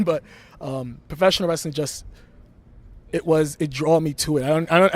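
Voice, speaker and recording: A man's voice: a little high, brisk. A young man from Brooklyn, talking brashly and emphatically as a wrestler guest in an interview. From Brooklyn, New York. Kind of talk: interview talk.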